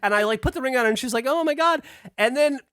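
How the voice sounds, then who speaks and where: A podcast host with an extremely high, smooth voice races through a casual, animated story, swearing often and acting out quotes. The recording is dry and sounds like a clean studio.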